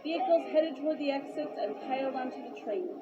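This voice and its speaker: Over a very noisy crowd, a woman reads a children's novelization briskly in a high-pitched voice, full of expression but with occasional slips and restarts. It's a storybook narration captured in dull lo-fi with loud music.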